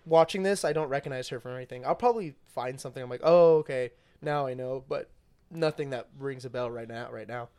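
A man's voice: medium pitch, quick pace, a little mellow, no echo. A young man co-hosting a podcast in casual chat, swearing often and filling his talk with "like" and "dude". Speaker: podcast co-host.

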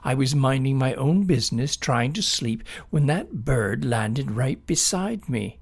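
A man's voice: medium pitch, animated, measured pace, creaky, darkish tone, husky, exaggerated voice. A man voicing a grumpy, territorial male tree frog in a storybook, grumbling and impatient. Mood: defensive.

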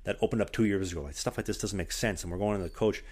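A man's voice: low-pitched, racing. A man hosting a podcast, a hockey goalie telling stories casually with many "like" fillers and acted-out quotes. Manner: animated, lots of "like" fillers, acts out quotes. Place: one-bedroom apartment.

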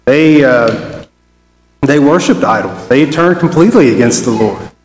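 Male preacher, mid-pitched, conversational sermon with restarts, roomy echo and long reverb. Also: expressive, a little slow. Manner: conversational, restarts phrases, reads scripture aloud. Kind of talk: Bible study sermon.

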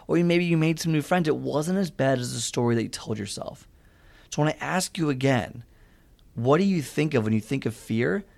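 A man giving a motivational talk on fitness, speaking in an earnest, conversational storytelling way. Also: medium pitch.

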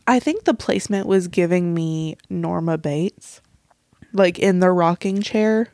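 A woman's voice: on the low side, unhurried, darkish tone, no room sound, studio quality. A woman co-hosting a podcast, chatting about a film with lots of "like" and blunt opinions. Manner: chatty, frequent "like", opinionated quips. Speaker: podcast co-host. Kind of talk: casual movie recap chat.

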